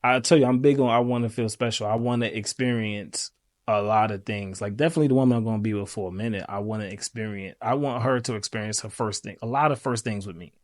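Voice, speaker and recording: A man's voice: lowish voice, fast talker, no echo. A man co-hosting a podcast, talking animatedly in casual chat and laughing as he makes his points. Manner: animated, laughs while talking, repeats himself. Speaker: podcast co-host.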